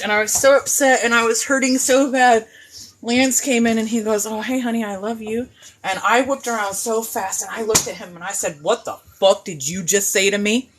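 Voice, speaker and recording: A woman's voice: on the high side, noisy background. A woman, probably in her thirties, hosting a casual live chat from her phone, talking bluntly and profanely in passionate rants. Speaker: live-stream host.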